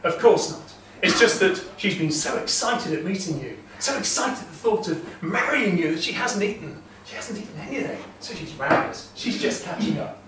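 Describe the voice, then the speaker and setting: A man voicing a male trickster god disguised as a bridesmaid, making flustered, rapid excuses in a castle great hall. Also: high voice, animated, background noise. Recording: echoey hall from far off.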